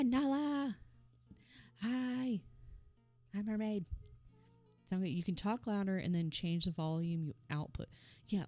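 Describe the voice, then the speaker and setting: A young woman streamer chatting casually at her home setup, soft-spoken and full of "like" and little laughs. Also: on the low side, dry recording. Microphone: desk microphone.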